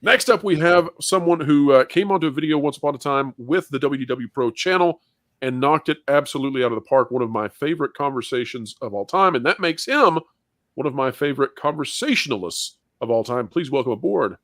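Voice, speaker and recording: A man's voice: mid-range voice, lively intonation, fairly quick, a bit bright, no room sound, studio quality. A man hosting a livestream panel, upbeat and playful, with jokes between introductions. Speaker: host.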